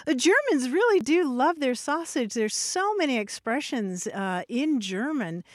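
A woman's voice: high voice, big pitch swings, a little slow, dry recording, clean studio sound. A woman co-hosting a radio show about words, chatting casually and laughing as she explains phrases. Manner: amused, laughs while explaining. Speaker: co-host of a word show.

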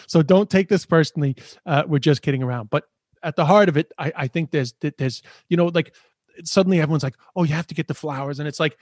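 A man's voice: fairly high pitch, dry recording, clean studio sound. A man hosting a podcast, chatting casually, swearing a lot and ranting with energy. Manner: swears constantly, animated ranting. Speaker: podcast host.

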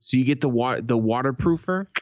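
A man's voice: mid-range voice, lively intonation, a little fast, dry recording. A man co-hosting a podcast, telling a rambling story in casual, heavily profane chat. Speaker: podcast co-host. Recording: dull lo-fi sound.

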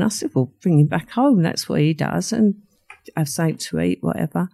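A woman's voice: fairly low pitch, lively intonation, fairly quick, vocal fry, a little mellow. An older woman, recounting a true crime story as an interview guest and acting out the quoted voices.

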